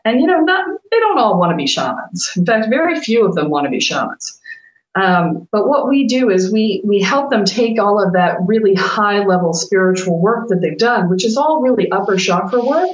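Middle-aged woman co-hosting, telling stories all animated and laughing, roomy echo, kinda dull audio. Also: medium pitch, moderate pace. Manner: animated, laughing, quotes herself with swearing. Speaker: spiritual coach and podcast co-host. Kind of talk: casual storytelling chat.

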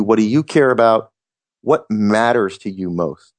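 A man's voice: fairly low pitch, animated, measured pace, dry recording. A man hosting a motivational podcast, talking earnestly and reflectively, often restarting his sentences. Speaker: podcast host.

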